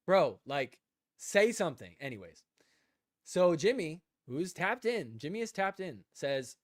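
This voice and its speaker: A man hosting a casual podcast live stream, telling a rambling story and acting out both sides of the conversation, breaking into loud laughter. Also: fairly high pitch, big pitch swings, unhurried, no room sound, studio quality. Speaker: podcast host.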